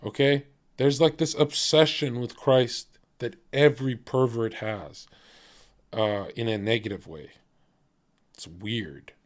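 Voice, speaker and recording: A man's voice: mid-range voice, takes it slowly. A man livestreaming who rants at his chat, swearing freely, combative and laughing often. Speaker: streamer reacting to chat. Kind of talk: casual livestream rant.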